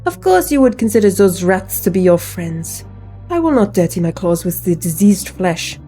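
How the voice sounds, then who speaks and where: A woman's voice: medium pitch, very animated, moderate pace, mellow, soft background music, close to an everyday voice. Haughty cat with French accent, scornful, theatrical, woman doing it. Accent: put-on French.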